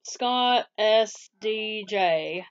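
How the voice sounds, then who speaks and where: A woman in her forties from Southwest Virginia with a Southern American accent, chatting quickly and laughing easily as she answers viewer questions in a casual vlog. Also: mid-range voice, highs cut off. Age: 40s. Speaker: YouTube scam-baiter answering viewer questions.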